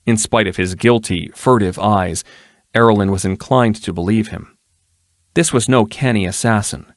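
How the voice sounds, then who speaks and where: A man narrates a fantasy audiobook in a steady, measured way, with a lowish voice. The recording is close and dry. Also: no echo. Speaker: audiobook reader.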